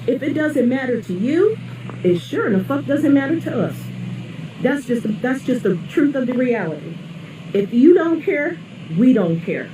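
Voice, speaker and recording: A woman ranting bluntly and profanely as a scolding mother. Her voice sits a little high and sounds distant and echoey. Traffic and an air conditioner hum clearly behind her. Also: big pitch swings, normal speed. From St. Louis area, USA. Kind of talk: angry profane rant.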